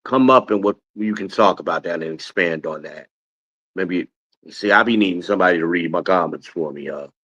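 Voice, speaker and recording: A man hosting a livestream, talking loosely and rambling, then pushing his voice up hard and commanding. His tone is bright and forceful. The phone-mic sound is dull and lo-fi. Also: deep voice, fairly quick. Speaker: podcast host. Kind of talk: casual livestream talk.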